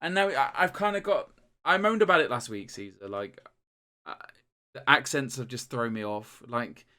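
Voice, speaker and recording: A man's voice: mid-range voice, moderate pace, pushed and bright. A young man co-hosting a podcast in casual chat, rambling with many fillers and restarts. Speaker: podcast co-host.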